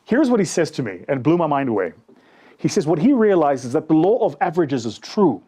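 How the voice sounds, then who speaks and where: A man giving a motivational talk, his pitch riding a little high and swinging widely as he tells the story. The tone is mellow and dark rather than bright, and he talks straight to his audience. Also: fairly quick, slightly rough. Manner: animated, addresses listeners directly, acts out dialogue. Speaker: motivational speaker.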